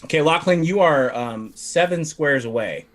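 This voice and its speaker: Lively, laughing male game master. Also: fairly high pitch, normal speed. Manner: animated, laughs often while narrating. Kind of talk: narrating a tabletop game livestream.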